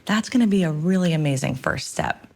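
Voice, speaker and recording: A woman's voice: sits low, lively intonation, fairly quick, creaky, a little mellow. Reassuring woman giving parenting advice. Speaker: child mental health expert. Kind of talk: advice in an interview.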